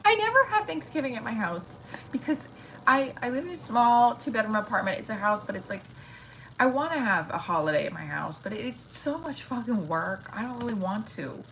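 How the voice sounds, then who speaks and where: A woman's voice: fairly high pitch, sing-song, brisk, creaky, a bit bright, slight background noise, poor audio. A woman comedian chatting frankly on a phone livestream from home, rambling and swearing casually. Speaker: stand-up comedian.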